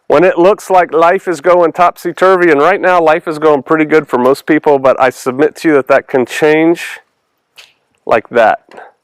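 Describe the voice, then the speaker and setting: A male pastor delivers a relaxed, chatty sermon, often stopping to quiz the people listening. His voice sits high for a man and comes across smooth and clean, recorded close and dry with no room sound. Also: moderate pace, no room sound, rough recording. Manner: casual and animated, asks the congregation questions. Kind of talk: conversational sermon with Bible reading.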